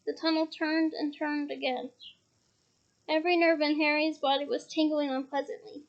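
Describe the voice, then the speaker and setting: Woman reader, novel read aloud, steady storytelling, high voice, muffled lo-fi. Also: moderate pace.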